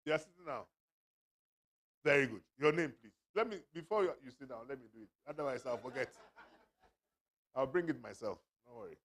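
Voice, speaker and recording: A man's voice: mid-range voice, lively intonation, fairly quick, pauses often, a bit bright. A man works the room as an auctioneer at a book launch, joking and teasing people who come forward to buy. His talk is full of playful asides and bursts of laughter. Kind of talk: lively fundraising banter. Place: event hall.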